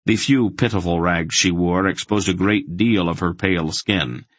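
A man narrating an audiobook in a steady, even storytelling voice. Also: sits low, normal speed, dry recording.

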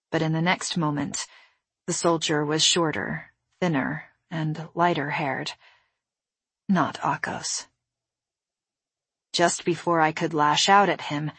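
A woman narrating a first-person novel in a steady, measured storytelling voice. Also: lowish voice, slightly rough, no echo. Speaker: audiobook narrator.

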